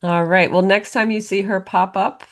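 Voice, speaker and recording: A woman co-hosting a podcast, chatting in a relaxed and wry way, often murmuring agreement. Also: mid-range voice, moderate pace. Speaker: podcast co-host. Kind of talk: casual chat.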